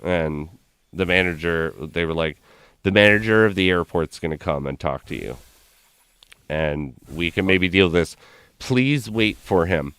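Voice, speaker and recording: A man with a very deep voice, smooth and clean, tells a long story in casual chat. He rambles, keeps saying "like," and slips in and out of the people he quotes. The sound is close and dry, with no room around it. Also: measured pace, fairly bright tone, no echo. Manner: rambling anecdote full of "like", acting out quoted people. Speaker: gaming stream host.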